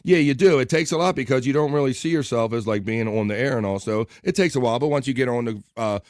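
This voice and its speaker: A man's voice: mid-range voice, fast, darkish tone, dry recording, studio quality. A man hosting a casual live-stream show, joking and laughing as he reads viewer comments. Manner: joking, laid-back, laughs often. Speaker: livestream show host.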